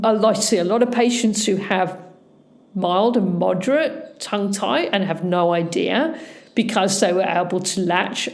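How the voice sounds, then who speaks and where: A middle-aged woman dentist hosting a podcast, explaining points one by one in a measured way, with a slightly slushy S sound. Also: medium pitch, a little mellow. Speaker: holistic dentist, podcast host. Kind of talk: informative podcast monologue.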